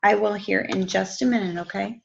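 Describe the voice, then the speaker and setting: A woman's voice: medium pitch, fairly even intonation, brisk, vocal fry, lo-fi sound, a little hiss or hum. A woman walking viewers through a casual screen-share tutorial, chatty and affectionate with loose fillers.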